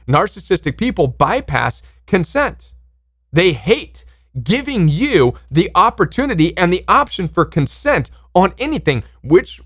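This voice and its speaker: A man's voice: a little high, no room sound, studio quality. A man hosting a self-help channel, speaking in an impassioned, emphatic monologue and acting out pushy voices when he quotes people.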